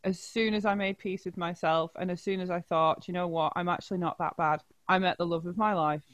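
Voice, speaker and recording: A woman from Salford with a broad Salford accent and a slightly lower voice. She chats warmly and is quick to laugh. The recording is dry and close. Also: steady tone, no echo, lo-fi sound. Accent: Salford (Manchester area). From Salford, England. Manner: bubbly, laughs often, heartfelt. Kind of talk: casual chat.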